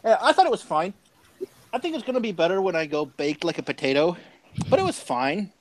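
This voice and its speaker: A podcast co-host talks from home in a casual chat, blunt and sarcastic and swearing often. His voice sits high and is very animated at a fairly quick pace, with poor audio from a home mic over the internet.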